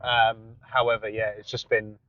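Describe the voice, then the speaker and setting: A man's voice: fairly low pitch, level tone, moderate pace, fairly bright tone, no echo, dull audio. A man co-hosting a casual podcast, chatty and laid-back with casual swearing. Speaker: podcast co-host. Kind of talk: casual chat.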